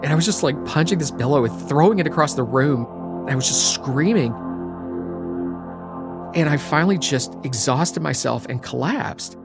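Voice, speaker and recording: A man's voice: a little high, animated, normal speed, over music. Reflective man telling his story. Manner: reflective, quietly emotional, sometimes trails to a whisper. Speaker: interviewee. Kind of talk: personal storytelling.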